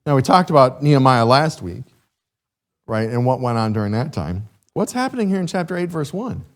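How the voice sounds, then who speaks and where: A man teaching a Sunday school class, reading scripture and questioning his students in a lively, chuckling way. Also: medium pitch, a little fast. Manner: animated, asks the class questions, chuckles often.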